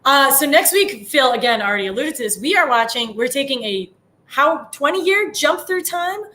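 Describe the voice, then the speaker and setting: Woman cohost, chill and agreeable, kinda high voice. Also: lively intonation, normal speed, pushed and bright. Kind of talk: casual chat.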